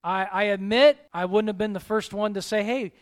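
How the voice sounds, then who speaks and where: A male pastor with a high, smooth, resonant voice delivers a sermon. He swings between emphatic, rising calls and quiet, soft asides. His tone stays preacherly throughout. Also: steady tone, moderate pace.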